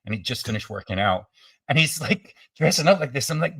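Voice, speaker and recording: A man who is a podcast guest, talking in a relaxed, musing way full of fillers. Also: mid-range voice, brisk, husky, dry recording, recorded from a distance. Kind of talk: casual podcast chat.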